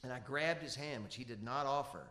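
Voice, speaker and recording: A man from Kentucky, a musician telling animated stories on stage in front of an audience. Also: mid-range voice, brisk, a crowd in the background. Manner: animated anecdotal storyteller. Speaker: musician and guest. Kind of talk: storytelling on a conference stage. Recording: echoey room.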